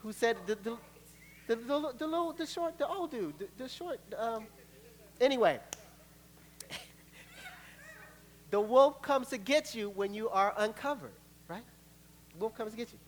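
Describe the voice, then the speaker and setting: Animated, conversational male pastor preaching. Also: very high voice, unhurried, long pauses, slight background noise. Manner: animated, acts out quoted voices, laughs between points; conversational, jokes with the congregation. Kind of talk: sermon.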